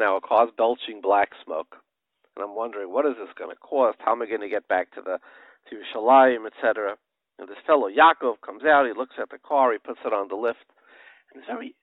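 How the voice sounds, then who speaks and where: A man's voice: mid-range voice, no echo. A middle-aged man, a rabbi, telling a story in a sermon and chanting Hebrew verses, sprinkling in Yiddish words. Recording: dry, tinny phone-line radio audio.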